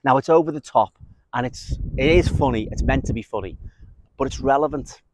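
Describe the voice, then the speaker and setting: A man's voice: mid-range voice, fairly quick, darkish tone, slight background noise. A man giving an informal philosophy lecture in a chatty, digressive way, reading quotes aloud and breaking off with asides.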